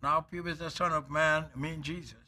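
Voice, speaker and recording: A man preaching a sermon as an elder, emphatic and drawn out, with sudden loud bursts. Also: on the high side, steady tone, normal speed.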